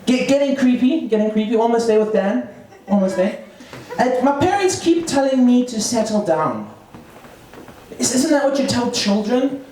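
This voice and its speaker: Speaking in an extremely high, slightly mellow voice at a moderate pace, this animated South African man in his thirties does open-mic stand-up, cutting himself off and leaning on fillers. The echoey recording is taken from far away, with the crowd's laughter audible.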